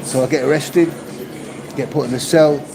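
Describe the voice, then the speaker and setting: Ranting in a casual podcast monologue, a Cockney-accented host in his fifties from East Central London keeps asking "yeah?" after his points. His voice is slightly high, steady, and creaky, at normal speed. The recording is noisy, with music and vehicle sounds behind him.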